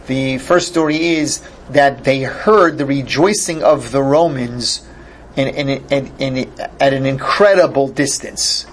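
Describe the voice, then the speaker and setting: A man's voice: mid-range voice, unhurried, a little hiss or hum. A man teaching a Torah class, explaining each Hebrew phrase in English and restarting sentences as he thinks aloud. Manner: thinks aloud, with repeated starts.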